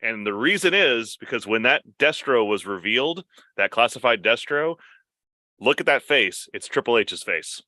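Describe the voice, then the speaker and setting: Very bright-voiced man, matter-of-fact. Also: medium pitch, lively intonation, moderate pace, dry recording. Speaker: podcast co-host. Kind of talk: casual chat.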